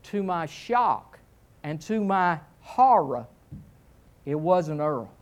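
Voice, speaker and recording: A man preaching a sermon, telling a funny personal story with animated swings in pitch and some self-mocking humor. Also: slow pace. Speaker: pastor.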